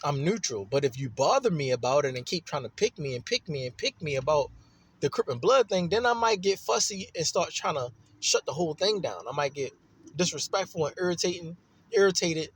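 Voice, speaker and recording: A man's voice: fairly high pitch, expressive, brisk, slightly rough. A man from Baltimore with a Baltimore accent, telling a rambling, profane personal story in a casual monologue. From Baltimore, USA.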